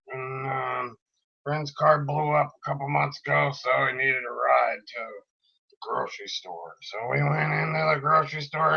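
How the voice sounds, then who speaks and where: A man's voice: fairly high pitch, creaky, dull audio. A man from the United States ranting casually about politics in a tough, groggy voice that he puts on, rambling with frequent ums and likes. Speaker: political vlogger.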